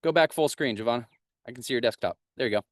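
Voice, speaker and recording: A man's voice: mid-range voice, quick pace, no echo, studio quality. A man leading a motivational team huddle over a video call from a parked vehicle, upbeat and hype-driven, repeating himself for emphasis. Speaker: agency leader hosting a team call. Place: parked vehicle on a road trip.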